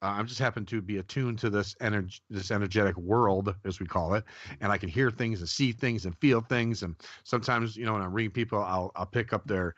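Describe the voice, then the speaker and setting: A low-voiced man chats casually on a radio call-in, telling long, rambling stories and acting out what people said. The audio is dull and lo-fi, and the voice sounds dry and close. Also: brisk, fairly bright tone, no room sound. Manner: rambling, many restarts, acts out quotes. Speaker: psychic medium guest. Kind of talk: casual radio interview storytelling.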